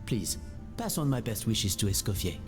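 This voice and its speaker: An actor playing a courteous male hotel manager in a game, speaking in a polite, measured, formal way. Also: on the low side, big pitch swings. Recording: game audio with reverb and music.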